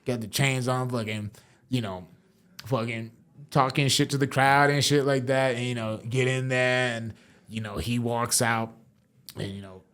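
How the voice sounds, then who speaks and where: A man's voice: medium pitch, fairly even intonation, moderate pace, a bit bright. A young man in casual podcast chat, telling a story with lots of laughing, swearing and filler words. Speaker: podcast host and fighter.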